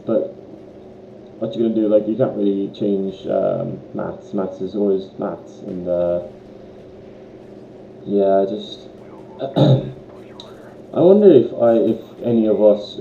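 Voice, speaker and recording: A man's voice: fairly low pitch, vocal fry, warm tone. A teenage boy with an Irish accent, rambling to camera with many ums and short laughs. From Ireland. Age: teens. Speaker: student vlogger. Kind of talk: casual rant to camera. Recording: lo-fi, echoey room, faint hiss.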